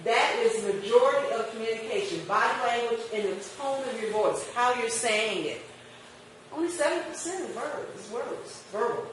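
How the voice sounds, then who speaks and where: Fairly high voiced woman lecturing a class, quizzes the room, recorded far off in a big echoey room. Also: normal speed, a little hiss or hum. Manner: lively, questions the class and acts out customer exchanges. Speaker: marketing instructor. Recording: echoey room picked up from a distance.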